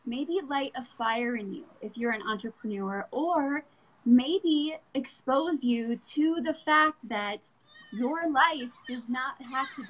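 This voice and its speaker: Woman host, fairly high pitch, encouraging, motivational intro. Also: a bit bright, a little hiss or hum, poor audio. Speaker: interview host. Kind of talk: interview introduction.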